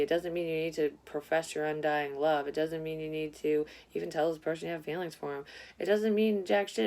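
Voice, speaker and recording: A woman's voice: low voice, a little mellow. A woman psychic reading tarot cards in a casual vlog, talking bluntly and rambling with a lot of swearing.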